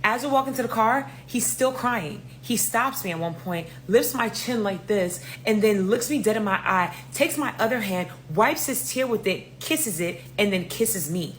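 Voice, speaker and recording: A young woman from New York with a New York accent, telling a story in a casual, animated way, swearing freely and acting out the other voices. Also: medium pitch, moderate pace, few pauses, slight background noise.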